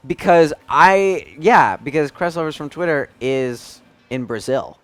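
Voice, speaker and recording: A young American man chatting as a celebrity guest while playing a video game, breaking into excited shouts at the game. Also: on the high side, slow, no echo. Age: young adult.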